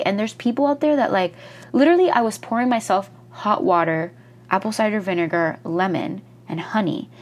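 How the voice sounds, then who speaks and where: A young woman hosting her own podcast, talking candidly and rambling with frequent restarts, swearing for emphasis as she gushes about her routine. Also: mid-range voice. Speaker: podcast host and life coach. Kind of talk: casual solo monologue.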